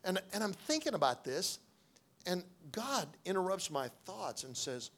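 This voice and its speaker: A man's voice: high voice, big pitch swings, a little slow. A middle-aged man preaching through a personal story, in a conversational way, acting out the dialogue with frequent restarts. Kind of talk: sermon storytelling.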